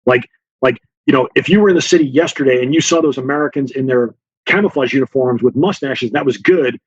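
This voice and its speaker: A man's voice: medium pitch, fairly quick, slightly rough, no echo, dull audio. A man being interviewed, telling a story with lots of fillers and acting out the dialogue. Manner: animated storyteller, acts out dialogue, many fillers. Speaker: guest author, former Special Forces officer.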